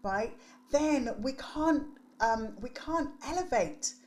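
A woman's voice: high-pitched, lively intonation, slow, darkish tone. A woman in her forties, a guest on a podcast, talking emphatically about her work with teenagers and often tagging her points with "right?". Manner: emphatic, preachy, tags "right?". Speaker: podcast guest, youth development coach. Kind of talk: animated interview talk.

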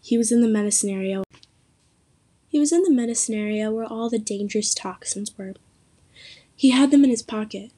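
A young woman reading her own spooky story aloud, lifting her voice for the quoted lines and dropping low and soft for the narration. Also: a little fast, long pauses, breathy edge. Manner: reads quotes with more pitch and force, narration low and soft.

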